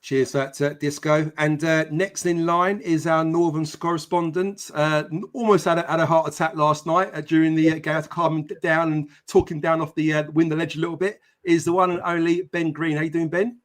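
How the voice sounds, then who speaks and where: A man's voice: a little high, level tone, brisk, few pauses. A man hosting a live football podcast stream, chatting casually with many fillers and greeting viewers by name. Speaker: podcast host.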